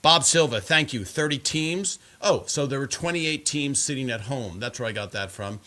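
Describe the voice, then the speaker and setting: A man's voice: medium pitch, lively intonation, normal speed, pushed and bright. A man hosting a live stream, chatting casually and reading viewer comments in a rambling way full of fillers.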